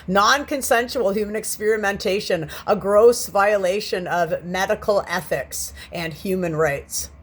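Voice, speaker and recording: Give me an agitated woman in her forties, voice a touch low, ranting and swearing into her phone. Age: 40s. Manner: agitated, profane, repetitive. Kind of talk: agitated vlog rant. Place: on a bed indoors. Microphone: handheld phone.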